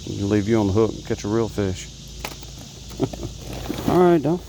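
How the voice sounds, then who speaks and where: A man's voice: lowish voice, lively intonation, unhurried, creaky, background noise. A man, chatting to the fish he catches while out on a creek in a boat, recorded on an action camera. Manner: chats softly to the fish he catches. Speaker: fishing vlogger. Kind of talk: casual narration while fishing. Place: small creek outdoors, in a boat. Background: crickets and insects.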